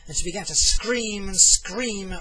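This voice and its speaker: Slow-reading man narrating his novel. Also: sits high, bright, forceful tone, slightly rough, faint music behind, rough recording. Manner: halting reading with asides and restarts. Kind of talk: amateur reading of a fantasy novel.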